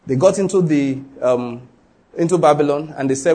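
Nigerian guy preaching, kinda husky, slightly high voice, keeps asking do you get my point. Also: fairly quick, darkish tone. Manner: emphatic, rhetorical questions, acts out dialogue. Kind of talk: sermon.

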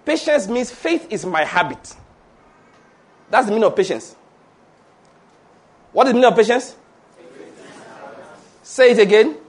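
High-voiced, animated preacher man. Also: a little slow, long pauses. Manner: animated and playful, laughs often, leads the audience in repeated phrases. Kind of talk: sermon.

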